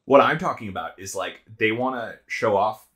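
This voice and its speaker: A man's voice: lowish voice, moderate pace, a bit bright. An American man co-hosting a podcast, rambling casually with many fillers and restarts. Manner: rambling, frequent "like" and restarts, swears. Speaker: podcast co-host. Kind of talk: casual chat.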